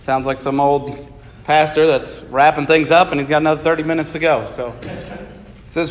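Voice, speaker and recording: A man's voice: fairly high pitch, moderate pace. Man preaching in a reverberant church. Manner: steady preaching, reading scripture aloud and explaining it. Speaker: pastor. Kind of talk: sermon.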